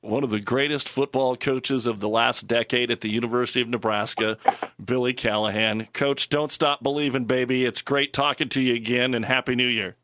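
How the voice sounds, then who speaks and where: A man's voice: medium pitch, fairly even intonation, brisk, a bit bright. A man hosting a sports talk radio show in an upbeat, joking manner from a radio studio.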